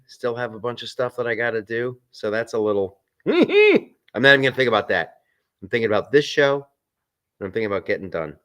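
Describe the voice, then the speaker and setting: A man's voice: mid-range voice, fairly bright tone. Rambling male live stream host. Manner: rambling and conversational, with frequent restarts and asides. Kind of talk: casual live stream chat reading viewer comments. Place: on a film set.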